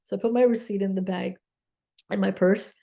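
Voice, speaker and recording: A woman's voice: medium pitch, steady tone, brisk, gravelly, warm tone. A woman mindset coach telling a personal story in an earnest, grateful way, often checking in with her listeners with "okay?".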